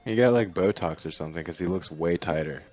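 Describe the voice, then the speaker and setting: A young man with a very low voice co-hosts a casual podcast chat. He sounds laid-back and joking, and faint music plays quietly under him. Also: a little fast, lo-fi sound. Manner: laid-back, joking, drops into mock impressions. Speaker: podcast co-host.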